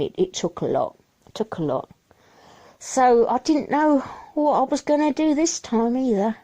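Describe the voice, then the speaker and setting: A woman's voice: fairly high pitch, vocal fry, dark tone. A woman giving a rambling, worried confessional monologue about her family, repeating herself and restarting her sentences. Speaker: mother sharing her troubles.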